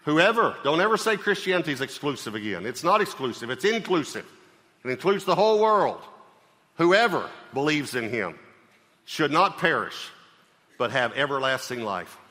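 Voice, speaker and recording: Male pastor giving a sermon, punchy and chatty, bright voice echoing around a big church. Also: medium pitch, big pitch swings, normal speed. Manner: emphatic, conversational preaching with rhetorical questions. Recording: long reverb of a large hall.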